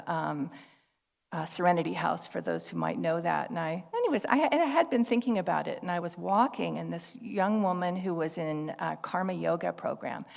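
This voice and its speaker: Woman pastor, low and gravelly, telling stories in a sermon to a congregation, reverberant hall sound. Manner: conversational, warm storytelling with laughter and quoted dialogue. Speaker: minister. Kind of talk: personal sermon storytelling. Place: church service hall. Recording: long reverb of a large hall.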